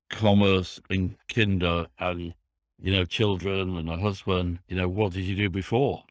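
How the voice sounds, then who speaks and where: Yorkshire male host, low-pitched, chatty and enthusiastic, rambling questions. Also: dry recording, studio quality. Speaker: podcast host. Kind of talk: business podcast interview.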